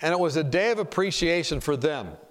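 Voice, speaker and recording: A man's voice: on the high side, expressive, fairly quick. A man preaching in a conversational way, telling stories and asking his listeners questions. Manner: direct, storytelling, asks the audience questions. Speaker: preacher teaching a class.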